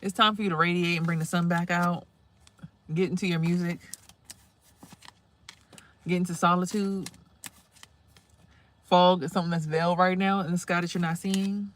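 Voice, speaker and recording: A young woman rambling casually in a spiritual vlog outdoors, animated and swearing, exclaiming at things she sees. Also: fairly low pitch, moderate pace, pauses often. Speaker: spiritual vlogger and reader. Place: outdoors near trees.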